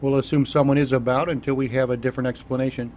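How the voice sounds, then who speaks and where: A man's voice: mid-range voice, little pitch movement, fast, darkish tone, slight background noise, lightly acted. Man playing a terse, commanding squad leader. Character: stoic male leader in armor.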